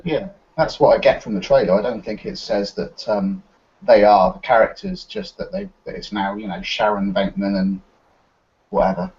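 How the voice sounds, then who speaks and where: Low-voiced man explaining in lo-fi sound. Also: lively intonation, moderate pace, darkish tone. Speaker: panelist. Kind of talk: casual group discussion. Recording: dull lo-fi recording.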